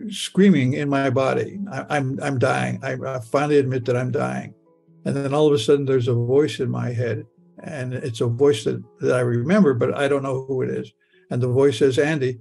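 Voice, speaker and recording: An older man from Michigan recounts a personal testimony in the present tense. His voice is gravelly and creaky, pitched in an ordinary middle range. He halts, stammers and repeats words as he speaks. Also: dark tone. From Michigan, USA. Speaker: interviewee recounting a near-death experience.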